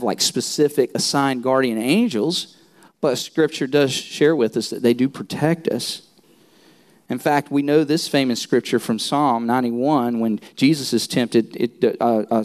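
A man's voice: medium pitch, a little mellow. A man preaching a sermon and telling stories animatedly, often repeating words as he restarts. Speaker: pastor.

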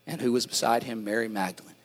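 A middle-aged man pastor preaching a sermon, animated, often repeating and restarting words, with dad jokes. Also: medium pitch, fast.

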